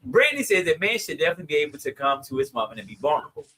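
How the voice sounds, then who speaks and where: A man with a Southern US accent hosting a podcast, chatting casually and reading listener comments with lively, slangy delivery. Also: on the high side, very fast, breathy edge, poor audio. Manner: animated, laughing, Southern slang. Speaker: podcast host.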